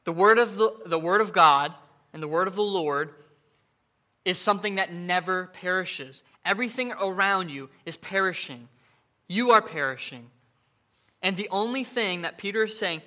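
Lively intonation marks this man's high-sitting, pushed and bright voice as he delivers an earnest sermon. He often uses fillers and restarts, slowing and lifting his voice to stress the scripture he reads.

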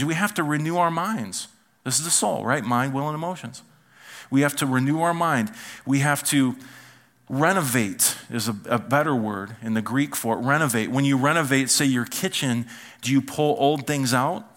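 Male pastor, conversational sermon, animated, asks the room questions, mid-pitched voice.

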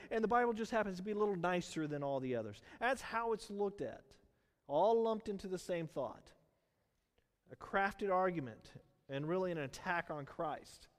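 A middle-aged man preaching a sermon in a church, in a conversational, animated storytelling manner. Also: a little high, long reverb tail. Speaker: pastor.

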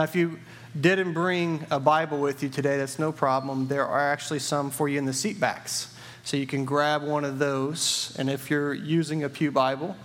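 A man's voice: on the high side, fairly bright tone. A man preaching a sermon in a friendly, joking storytelling way. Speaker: church partner preaching.

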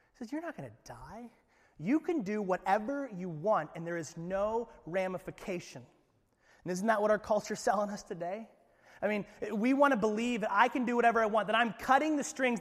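A man's voice: very high-pitched, a bit bright, big-room sound. A man preaching a sermon as pastor, in an emphatic, conversational way.

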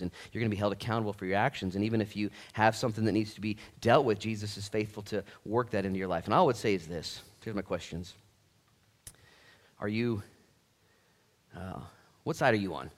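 A man with a fairly low voice preaching in church. He talks casually, with folksy asides and restarts. He builds from soft reflection into fervent, loud calls to action. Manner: fervent, swings from quiet reflection to loud rallying. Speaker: pastor. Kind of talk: sermon.

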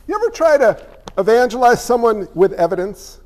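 A man preaching a sermon as pastor, animated and acting out little voices along the way. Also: extremely high pitch, a little fast, big-room sound.

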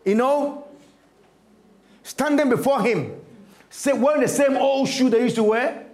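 A man preaching a sermon, retelling a scripture story dramatically and swinging from loud to hushed. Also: very high voice, a little slow, reverberant.

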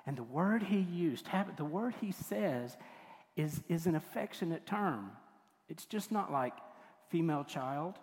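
An older man preaching a sermon as pastor, moving between forceful points and hushed, tender passages. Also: a little high, animated, a little slow. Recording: long hall reverb.

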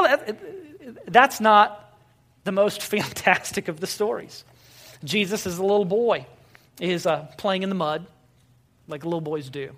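Pastor, sermon, conversational storytelling, wry humor, rhetorical questions, hesitant filler sounds. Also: medium pitch. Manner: asks the congregation rhetorical questions.

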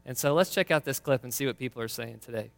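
A man's voice: medium pitch, quick pace, creaky, very noisy. A man preaching a sermon, telling a personal story in a casual, conversational way. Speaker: pastor. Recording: long reverb of a large hall.

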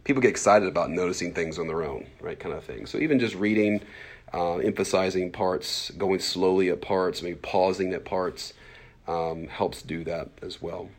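A man in his mid-forties with a very low voice, teaching a Bible class. He talks quickly and loosely, with plenty of fillers, and keeps breaking into little acted-out voices to make his points. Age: 40s. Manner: fast-talking, animated, lots of fillers and acted-out asides.

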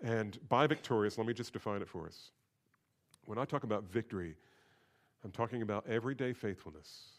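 A man preaching a sermon, moving between quiet, low asides and loud, emphatic bursts, and acting out quoted voices in a conversational way. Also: fairly quick. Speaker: pastor.

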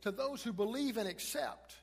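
High-voiced preacher with a husky tone. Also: male voice, moderate pace. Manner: dramatic, swings from loud emphasis to hushed. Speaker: pastor. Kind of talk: sermon. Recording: long reverb of a large hall.

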